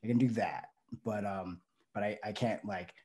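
A man's voice: lowish voice, steady tone, normal speed, a little mellow. A male pro wrestler talking casually as an interview guest, rambling with lots of fillers and restarts.

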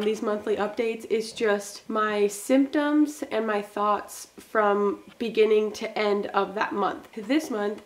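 A young woman vlogging in a chatty, rambling way, acting out little scenes as she tells them. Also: mid-range voice. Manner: chatty, rambling, animated retelling. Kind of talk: casual chat.

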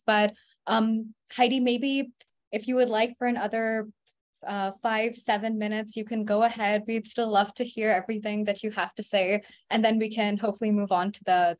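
A woman moderating an online webinar, politely encouraging the speaker and reminding the audience to send questions. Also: medium pitch.

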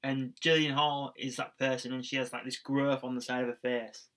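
A young man chats his way through a wrestling review, rambling and restarting as he goes. His voice is bright and forward, set at a middle pitch. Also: level tone, moderate pace. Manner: rambling, chatty, with fillers and restarts. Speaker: podcast co-host. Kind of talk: casual chat reviewing wrestling.

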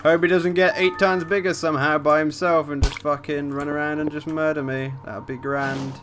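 A man with a fairly high, bright, rather flat voice talks a little fast as he plays a horror game, soft music behind him. Using a desk mic and facecam, he reads the text aloud and swears constantly at jump scares.

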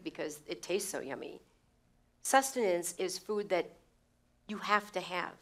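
Her voice sits fairly low and carries a slight brightness. Leading a Bible lesson in a chatty style, she repeats phrases to stress points and checks on her audience, stumbling and starting over now and then.

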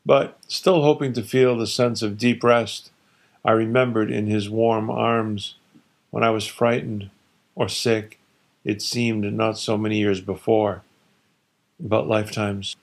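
Gravelly man reading his own story. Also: lowish voice, fairly even intonation. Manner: wry, deliberate, measured narration.

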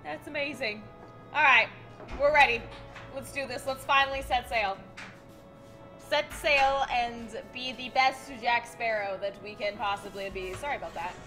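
A young woman playing a game for the first time as a guest, chattering in a bubbly, excitable way. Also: fairly high pitch, normal speed, faint music behind. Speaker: guest co-player. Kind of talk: casual multiplayer let's play chat.

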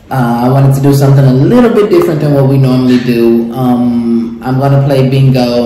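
A man teacher casually explaining a bingo game to his class and their parents, with many fillers. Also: mid-range voice. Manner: relaxed, friendly, with many fillers. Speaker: preschool teacher. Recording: very echoey room with faint noise.

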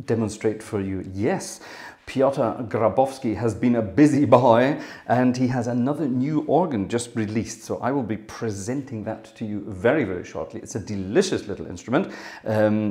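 A man from Britain, hosting his organ channel, giving a rambling casual update with lots of ums and yeses, a bit out of breath. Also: lowish voice. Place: music room.

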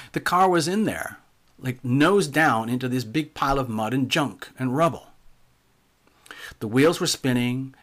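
A man telling a spooky first-person story in a calm, measured way, often trailing off softly. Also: medium pitch.

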